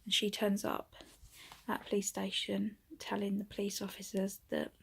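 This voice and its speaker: A woman's voice: medium pitch, monotone, moderate pace, creaky, breathy edge. A young woman vlogging at home, out of breath, chatting casually and often dropping into a whisper. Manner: coos softly to her cat. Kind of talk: casual vlog chat.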